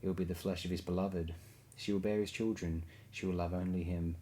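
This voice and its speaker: A man's voice: deep voice, steady tone, fairly quick, dark tone, natural voice. A man reading the part of a spiteful, scheming male dwarf in an audiobook, lecturing in a wheedling tone. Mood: persuasive.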